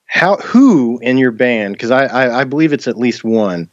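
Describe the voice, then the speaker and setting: A man's voice: mid-range voice, lively intonation, moderate pace, no room sound, dull audio. A man hosting a podcast in casual chat, rambling with many fillers and restarts. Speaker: podcast host.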